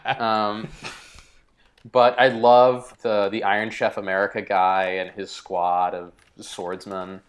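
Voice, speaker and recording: A man's voice: lowish voice, little pitch movement, slow pace. Man in loose, profane movie chat. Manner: loose, profane, filler-heavy. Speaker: podcast co-host. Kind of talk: casual movie review chat.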